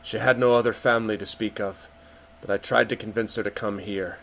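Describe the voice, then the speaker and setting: A man's voice: on the low side, fairly even intonation, brisk, gravelly. A man narrating a tabletop game as game master, with loose delivery full of fillers, voicing the characters' lines himself.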